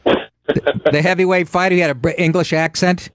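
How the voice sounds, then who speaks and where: A man's voice: sits high, steady tone, moderate pace, dry recording, studio quality. A middle-aged man hosting a comedy talk show, ranting sarcastically with profanity and frequent laughs. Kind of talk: comedic radio show banter.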